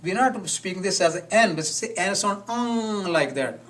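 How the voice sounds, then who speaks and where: A man teaching a live class, who speaks deliberately and repeats words to model how they are pronounced. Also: high voice, animated, a bit bright, recorded from a distance, a little hiss or hum. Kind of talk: live classroom lecture on pronunciation.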